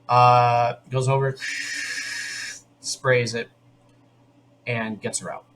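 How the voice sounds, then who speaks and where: A man hosting a podcast, recapping an episode in casual, opinionated chat full of quick restarts. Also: mid-range voice, little pitch movement, a bit bright, slight background noise. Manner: chatty and opinionated, talking in quick bursts with restarts. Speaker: podcast host.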